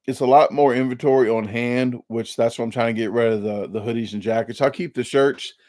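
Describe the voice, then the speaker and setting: A man's voice: mid-range voice, fairly even intonation, a little fast, darkish tone, no echo, clean studio sound. A man, hosting a casual live-stream chat and rambling with many restarts and repeated words. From Illinois. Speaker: YouTube channel host.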